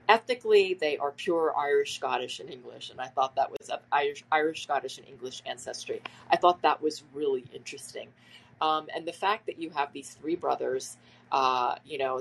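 Podcast host, easygoing and chatty, with a gravelly fry and a husky edge. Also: medium pitch, low-quality recording. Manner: conversational, loose and chatty. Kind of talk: casual spoken commentary.

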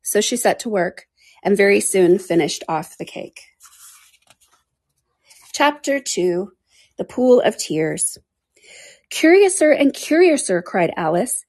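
A woman's voice: mid-range voice, lively intonation, darkish tone, slightly rough, no echo. Woman reading a storybook aloud. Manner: measured storytelling. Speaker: narrator. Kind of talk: audiobook reading.

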